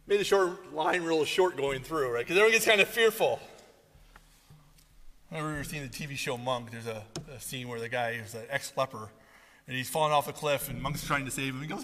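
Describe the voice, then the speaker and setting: A man preaches to his congregation in a bright, somewhat high voice, swinging from hushed asides to loud, animated retellings. The sound carries a long reverb from a large hall. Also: fairly quick, slight background noise. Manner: animated storytelling, acting out quotes in raised voice. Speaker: pastor. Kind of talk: sermon.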